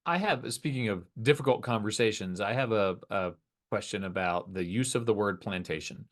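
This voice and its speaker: A man's voice: on the low side, normal speed. A man interviewing a guest, asking polite, careful questions with small hesitations.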